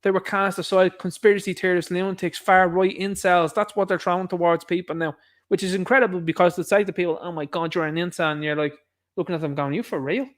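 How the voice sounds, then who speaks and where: A man hosts his own online show with a rant of political commentary. His voice sits fairly high for a man. He talks straight to the viewer, indignant and repetitive. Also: steady tone, fast.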